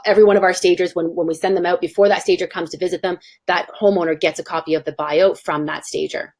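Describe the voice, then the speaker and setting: A woman's voice: on the low side, steady tone, fast, darkish tone. Bubbly, enthusiastic woman guest. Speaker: guest speaker. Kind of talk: casual webinar chat.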